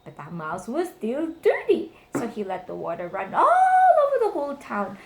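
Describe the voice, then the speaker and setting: A woman reading children's storybook tales aloud to her nephew, voicing the characters with high squeals. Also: huge pitch swings, moderate pace, vocal fry.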